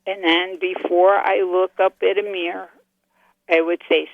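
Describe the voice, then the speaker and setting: An older woman tells a ghost story over a tinny, dry phone line, her voice gravelly and worn. She talks in a chatty, animated way, acting out every exchange. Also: lowish voice, unhurried, dry recording. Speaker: caller. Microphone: telephone.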